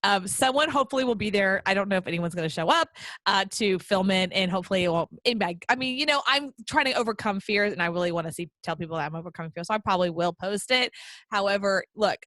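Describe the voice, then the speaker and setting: A woman hosting a casual interview, animated and self-deprecating, repeating her phrases for emphasis. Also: mid-range voice, quick pace, no echo. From American South. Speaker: host.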